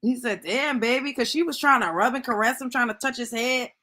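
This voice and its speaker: A woman's voice: fairly high pitch, a little fast, bright, forceful tone. A woman hosting a live stream, giving blunt, profane reaction commentary and laughing often. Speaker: show host.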